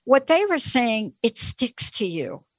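A woman hosting a casual conversation, enthusiastic and folksy in her phrasing. Her voice sits fairly high. The sound is dry and close, with no room echo. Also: big pitch swings, slow pace. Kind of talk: casual chat.

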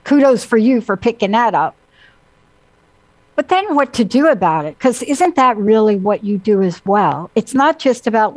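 A woman hosting a talk show, chatting casually and telling animated stories with acted-out quotes. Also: a little high, normal speed, no room sound, rough recording. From Italian heritage. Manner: animated storytelling, acting out quotes. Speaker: host. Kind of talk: casual chat.

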